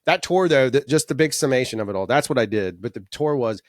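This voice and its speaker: Fast-talking man telling rambling stories. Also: mid-range voice, no echo, studio quality. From Alabama. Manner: rambling, animated anecdotes with restarts. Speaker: podcast guest. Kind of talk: casual storytelling.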